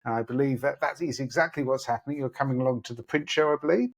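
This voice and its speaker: A man's voice: medium pitch, fast. A man from the United Kingdom hosting an interview, friendly and encouraging. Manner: friendly, encouraging, full of praise. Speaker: interview host. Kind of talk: casual interview chat.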